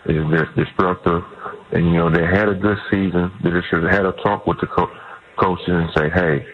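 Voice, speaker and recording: A man's voice: sits low, steady tone, normal speed, a little hiss or hum. A man calling in to a sports radio show, earnest and rambling, circling back to the same point. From Cleveland, USA. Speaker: caller. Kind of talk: call-in sports radio talk. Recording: dull lo-fi phone call.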